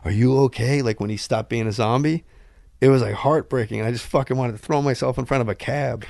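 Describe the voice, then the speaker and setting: A man who is a podcast guest, telling comic stories in a loud, excitable way and acting out sounds and quotes. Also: mid-range voice, brisk, vocal fry, no room sound, clean studio sound. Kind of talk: animated comic storytelling.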